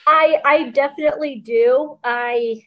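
A woman author chatting as a guest in an interview, telling lively stories and acting out what people said. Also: high-pitched, a little slow, highs cut off. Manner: lively storyteller, quotes people in funny voices. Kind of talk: casual interview chat.

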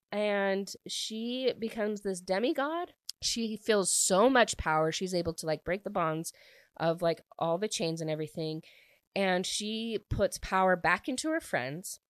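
A young woman gushes through a recap of a book she loved, talking fast and packing her sentences with "like". Her pitch sits in an ordinary middle range, and the recording is dry and close. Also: no echo. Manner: gushing, fast, constant filler "like". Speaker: book reviewer. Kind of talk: excited casual book recap.

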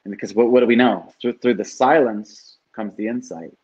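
A man's voice: medium pitch, normal speed, a little mellow, husky, lo-fi sound. A man who works as a life coach, talking casually and animatedly, swearing now and then and often asking "right?". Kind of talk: casual podcast conversation.

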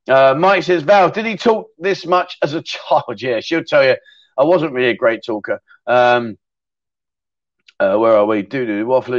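A man's voice: fairly high pitch, no echo. A middle-aged man hosting a casual livestream, chatty and rambling as he reads out viewer comments and laughs easily. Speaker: livestream host. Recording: dull, dry sound.

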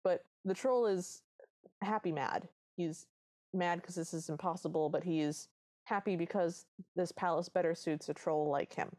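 A woman co-hosting a podcast, recapping a film in animated casual chat. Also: lowish voice, normal speed. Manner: animated storytelling. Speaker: podcast co-host.

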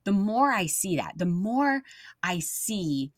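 On a relaxed faith podcast, this young adult co-host speaks slowly in a mid-range voice, recorded in studio quality with no room sound. She tells stories with earnest feeling and brings the quoted speech to life.

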